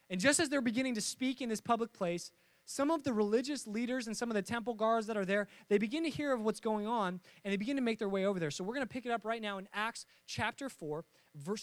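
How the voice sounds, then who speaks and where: A young adult man preaching a sermon, telling stories in a lively way and acting out voices with jokes. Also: sits high, fast, dry recording. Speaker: pastor.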